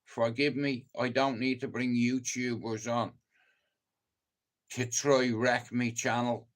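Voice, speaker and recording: Slow, sweary Irish man. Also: medium pitch, flat delivery. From Ireland. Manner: sweary, emphatic storytelling. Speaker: live streamer. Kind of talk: casual live-stream monologue.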